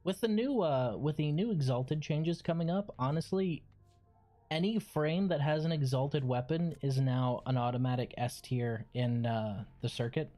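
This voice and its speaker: A man's voice: a little high, normal speed, soft background music. A young man streaming a game, rambling casually and swearing now and then. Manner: rambling, swears, loud squeals. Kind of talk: casual gaming commentary.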